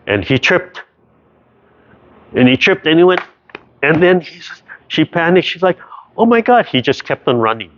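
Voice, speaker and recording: A man's voice: mid-range voice, fairly bright tone. A man teaching a tai chi class over a video call, explaining carefully and checking in with "right?" after almost every point. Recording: dull lo-fi video call audio.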